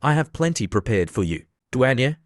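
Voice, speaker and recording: A man's voice: medium pitch, normal speed, dry recording, studio quality. A man narrating an anime recap and reading every character's lines in much the same voice. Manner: reads all dialogue in the same near-flat voice.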